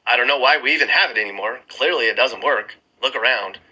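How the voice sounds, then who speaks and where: Male vlogger, casual sarcastic map commentary, bright tone, a bit husky. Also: mid-range voice, quick pace, poor audio. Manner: sarcastic, chuckling asides. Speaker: screen-recording vlogger. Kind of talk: casual commentary over maps. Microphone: phone screen-recording mic.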